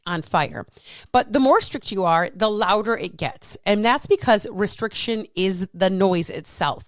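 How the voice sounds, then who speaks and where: A woman in her thirties or forties, a fitness coach talking casually and frankly, animated and swearing freely. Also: mid-range voice, dry recording. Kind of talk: casual solo talk.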